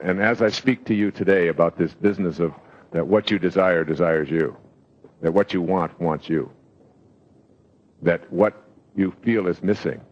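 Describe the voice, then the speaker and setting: An older man giving a motivational lecture, telling stories in a reflective way with pauses and fillers. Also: lowish voice. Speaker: motivational speaker. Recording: dull lo-fi lecture recording.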